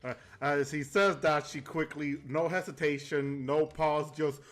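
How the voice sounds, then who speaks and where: A man playing a tabletop game, calmly describing what his character does and thinking aloud. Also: fairly high pitch, unhurried, faint music behind. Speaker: player.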